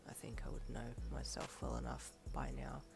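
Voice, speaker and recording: A woman voicing a weary, guarded adult male teacher in a fanfiction audio reading, speaking low, flat and clipped. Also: normal speed, vocal fry, full character voice. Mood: cold. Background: soft background music.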